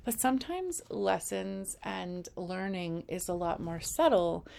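A woman in her fifties with a gravelly, fry-touched voice at a middle pitch. She talks to camera as the host of a weekly inspirational series, rambling casually and leaning on fillers as she goes. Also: measured pace, darkish tone. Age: 50s. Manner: rambling, chatty, heavy on fillers like "like". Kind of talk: casual personal monologue.

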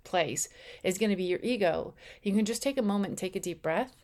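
A woman giving a conversational spiritual teaching talk, acting out the anxious and calm inner voices now and then. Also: mid-range voice, brisk. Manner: acts out voices of ego and intuition; conversational, with slips and restarts. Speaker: spiritual speaker.

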